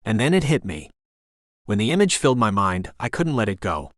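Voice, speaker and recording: A man reading a first-person audiobook narration in a measured, earnest way. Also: on the low side, big pitch swings, dry recording, clean studio sound.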